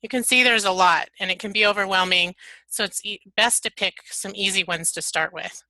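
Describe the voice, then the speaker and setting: A woman presenting a software tutorial webinar, walking through the steps one at a time. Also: mid-range voice, fairly even intonation, a little fast, dry recording, rough recording. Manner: upbeat step-by-step instructions.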